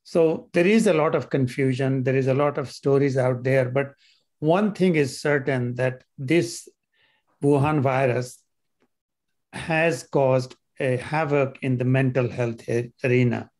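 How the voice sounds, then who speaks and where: A man speaking as a panel guest, hesitant and halting, with many fillers. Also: medium pitch, a little mellow. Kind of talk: panel discussion.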